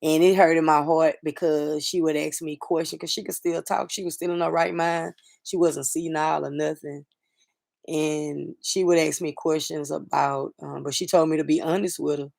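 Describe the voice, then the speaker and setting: A middle-aged woman hosting a casual livestream chat, talking softly and sadly to viewers, rambling with fillers and restarts. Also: sits low, fairly even intonation, moderate pace, creaky, dry recording, studio quality. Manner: soft-spoken, grieving, rambling with fillers and restarts. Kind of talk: casual personal talk to viewers.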